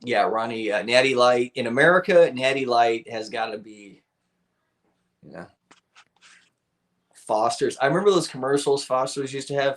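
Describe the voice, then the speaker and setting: A man's voice: mid-range voice, normal speed, long pauses. A man hosting a live stream from home, talking loosely to his viewers. He rambles, laughs often and swears freely in an easy, casual chat.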